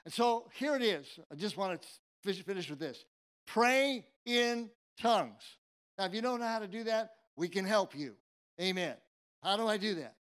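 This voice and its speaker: A man's voice: high voice, animated, brisk. A man from San Jose, California, preaching a sermon and telling a personal story with humor and many restarts. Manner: humorous, tongue-in-cheek storytelling; conversational, with frequent restarts.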